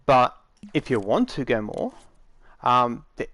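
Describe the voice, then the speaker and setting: A man's voice: mid-range voice, sing-song, slow, fairly bright tone, no room sound. Casual rambling man talking over a tutorial. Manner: rambling, matter-of-fact, with frequent fillers. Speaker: game tutorial maker. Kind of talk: casual screen-recorded tutorial.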